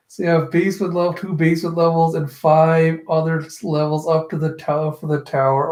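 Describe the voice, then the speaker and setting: Fairly high and a little mellow, his voice barely shifts in pitch as he moves briskly through a comic chapter with hardly any pauses. The manga reaction host, recorded in a roomy space, shouts out the characters' lines and laughs a lot in this casual reading.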